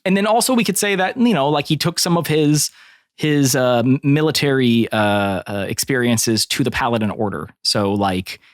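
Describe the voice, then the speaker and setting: A man playing in a tabletop game session. He talks casually and haltingly, with many fillers and quick laughs. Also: mid-range voice, expressive, dry recording, studio quality. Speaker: player.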